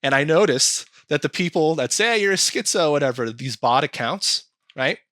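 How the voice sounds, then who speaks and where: A man chatting casually on a podcast, animated and swearing often as he acts out quoted comments. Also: a little high, moderate pace, dry recording, studio quality. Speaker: podcast co-host.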